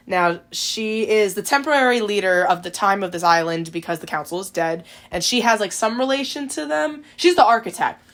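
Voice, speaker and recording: A woman's voice: mid-range voice, expressive, fairly quick, few pauses, a bit bright. A woman co-hosting a podcast in casual chat, talking chattily and filling her sentences with "like". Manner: chatty, heavy use of "like". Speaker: podcast co-host. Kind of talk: casual chat about a video game.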